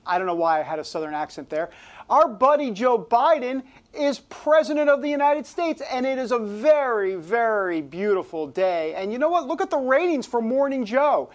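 A man hosts a casual political talk show with a playful, theatrical delivery. Now and then he drops his voice low and spooky for effect. Rain and rolling thunder play behind him.

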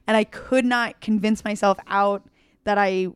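A woman's voice: mid-range voice, measured pace, clear, resonant tone, dry recording, clean studio sound. A young woman, a comedian, telling a story in casual talk and acting out the voices in it. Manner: animated, acts out voices in her story. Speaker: comedian guest.

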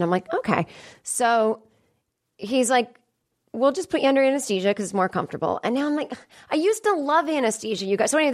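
Chatty woman podcast host. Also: mid-range voice. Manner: chatty, animated storyteller acting out quoted voices. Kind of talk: casual solo comedy podcast chat. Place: podcast studio.

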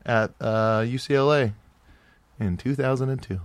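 A man co-hosting a casual comedy podcast, telling stories in an animated way and swearing freely. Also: medium pitch, moderate pace, no echo. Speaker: podcast co-host.

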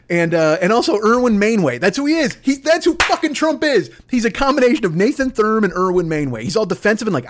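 A male comedian hosting a podcast, rambling through a profane, excitable monologue. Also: high voice, fairly quick.

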